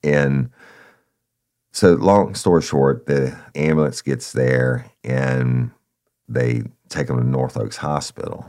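A man's voice: a bass voice, slow, darkish tone. A man, a former police officer telling a story casually, calling listeners "y'all" and swearing freely.

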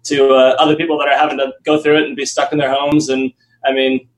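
A man's voice: medium pitch, flat delivery, fast talker, reverberant, poor audio. A man guest in a casual interview, rambling and laughing often as he trails off. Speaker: guest, Las Vegas entertainer.

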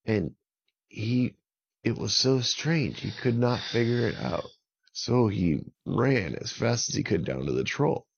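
A man's voice: fairly low pitch, expressive, unhurried, gravelly, husky. A man telling a children's story off the cuff, in simple words with repeated phrases and small self-corrections. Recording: dull lo-fi recording.

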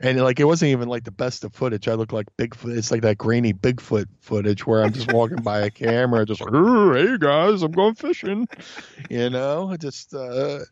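Storytelling male guest, animated and profane, mid pitch, dull lo-fi recording, dry room. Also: fairly quick, few pauses, no room sound. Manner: animated, swears a lot, acts out voices in stories. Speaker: podcast guest. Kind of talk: casual storytelling chat. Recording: dull lo-fi sound.

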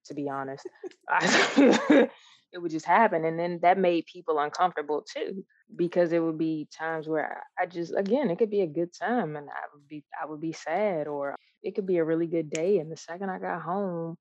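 A woman with a notably low voice, talking candidly and reflectively in conversation. She often restarts her sentences and laughs softly. The sound is dry and a little dull. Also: moderate pace, dry recording. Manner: reflective, earnest, with frequent restarts and soft laughs.

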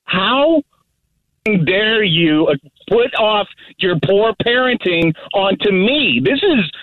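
A man with a high-pitched voice argues over a muffled phone connection. He is exasperated and turns sarcastic. The sound is dry and dull. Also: lively intonation, takes it slowly, dry recording. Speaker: prank call target, hat store owner. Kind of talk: heated phone argument.

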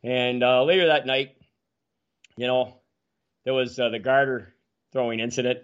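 A man's voice: mid-range voice, steady tone, moderate pace, clean tone, lo-fi sound. A man in his forties from Ontario, a guest telling rambling, self-mocking stories in casual chat. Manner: rambling, self-mocking anecdotes with frequent restarts.

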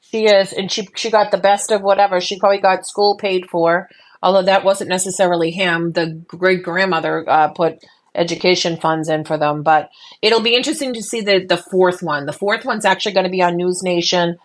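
A woman co-hosting a podcast, chatting casually about politics with many fillers and restarts and an animated delivery. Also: fairly low pitch, brisk. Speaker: podcast co-host.

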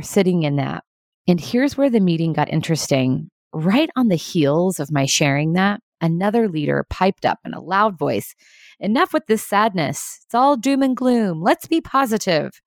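Woman, low voice, dry close sound, earnest, emphatic, leadership pep talk. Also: vocal fry, no echo. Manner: earnest, fast-paced and emphatic.

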